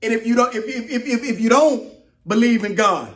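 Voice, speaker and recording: A man preaching a motivational sermon, emphatic and repetitive, swinging from shouts to hushed asides. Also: very high voice, expressive, a little fast, roomy sound. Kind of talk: sermon-style motivational talk.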